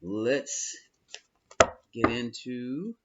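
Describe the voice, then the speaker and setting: A man's voice: medium pitch, extremely slow, lo-fi sound, very noisy. A man giving a tarot reading, effusive and affectionate, calling the listener honey and my love. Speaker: tarot reader.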